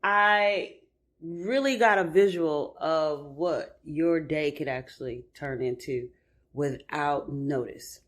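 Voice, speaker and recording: A woman co-hosting a ministry podcast with her husband, chatting at home over breakfast in an affirming way, quick to laugh. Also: deep voice. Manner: warm, affirming, laughs easily. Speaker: podcast co-host, wife. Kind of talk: casual chat.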